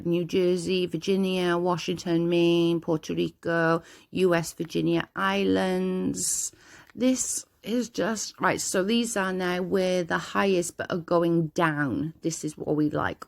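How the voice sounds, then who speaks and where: A woman video host reads statistics aloud off the cuff in a lowish, gravelly voice. She stumbles over names and breaks in with small reactions, casually commenting as she goes.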